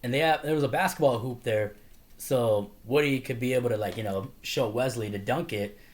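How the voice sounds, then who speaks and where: Casual male reviewer, mid pitch, loose and rambling delivery with fillers and laughs. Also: fairly quick. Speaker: movie reviewer. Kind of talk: casual movie review monologue.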